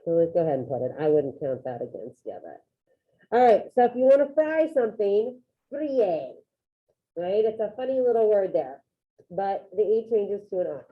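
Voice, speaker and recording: A woman's voice: mid-range voice, big pitch swings, brisk. A woman leads an online Spanish lesson, upbeat and encouraging as she calls on students by name. Her voice sits in a middle range. The audio is narrow and tinny, like a phone line. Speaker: Spanish teacher.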